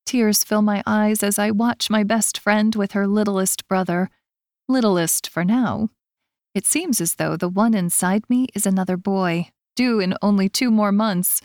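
A woman's voice: mid-range voice, measured pace, a little mellow, no echo, clean studio sound. A woman narrating a romance audiobook in first person, voicing the characters in turn.

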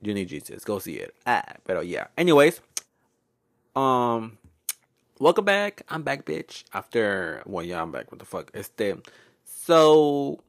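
A young man hosts his podcast solo, delivering a casual storytelling monologue in a sassy, profane style. His pitch swings widely, his pace is unhurried, and his voice has vocal fry. He laughs often and drops fillers between sentences.

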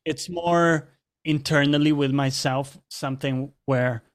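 A man's voice: a little high, steady tone, unhurried. A man speaking as a guest in a casual chat, talking in a reflective and hesitant way with many fillers.

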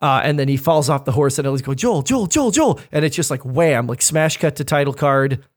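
A man's voice: mid-range voice, level tone, a little fast. A man co-hosting a podcast, telling stories in casual chat, emphatic and profane. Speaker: podcast co-host.

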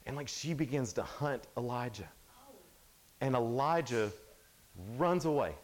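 A man preaching to a youth crowd, retelling a Bible story with lively swings in pitch and volume. His delivery is casual and chatty, peppered with "like" and quick asides to the listeners. His voice sits in a middle pitch for a man. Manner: animated, casual storytelling with many "like"s. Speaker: youth speaker. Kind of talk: sermon.

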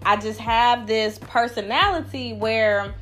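A young woman with a fairly high voice, chatting on a podcast in a loud, blunt, animated way. She swears freely and acts out snippets of other people's talk. Faint music runs underneath. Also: slow pace. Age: young adult. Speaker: podcast panelist. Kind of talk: casual chat.

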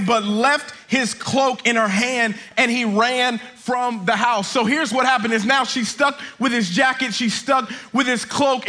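A man preaching a sermon as a campus pastor on a lapel mic, emphatic, repeating his points and building to shouts. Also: very high voice. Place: church auditorium.

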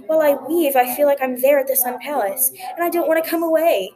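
A woman voicing a dreamy widow weaver who talks wistfully with deep longing. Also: quick pace, a crowd in the background, close to an everyday voice. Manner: wistful, yearning.

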